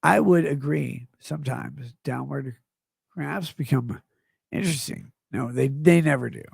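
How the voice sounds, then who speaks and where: A middle-aged man livestreaming, reading chat comments aloud in a slurred, rambling way that swings between mumbles and loud outbursts. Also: medium pitch, unhurried, no echo, studio quality. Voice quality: gravelly. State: drunk.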